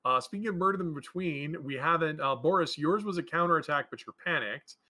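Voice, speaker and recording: A man's voice: a little high, fast talker, bright, forceful tone. A man running a tabletop game as game master, hesitant with many fillers and often laughing.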